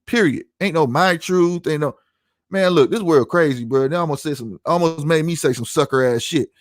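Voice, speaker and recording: On his own podcast, a middle-aged host delivers a heated solo rant to his live chat, swearing and pressing every point hard. His voice runs on the high side at a moderate pace, recorded dry at studio quality.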